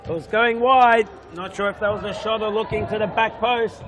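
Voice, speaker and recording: A man's voice: high voice, fairly even intonation, normal speed. A man doing chatty, jokey live commentary on a futsal match in an indoor stadium. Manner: chatty, jokey, banters with the referee. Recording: crowd noise in a sports hall. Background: crowd noise.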